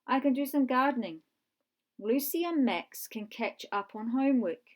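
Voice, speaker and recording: A woman's voice: high voice, animated, normal speed, voice pushed up. A woman voicing a cautious old professor. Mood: calm. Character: kindly older male professor, calm and cautious. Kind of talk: children's storybook reading.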